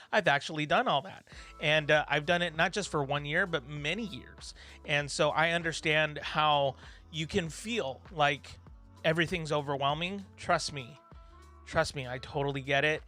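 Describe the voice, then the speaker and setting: A man hosts a study livestream, reading out viewer comments in a loose, rambling chat full of fillers. His voice is bright and a little high. Soft music plays underneath. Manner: warm, rambling, encouraging, with frequent fillers. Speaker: livestream host.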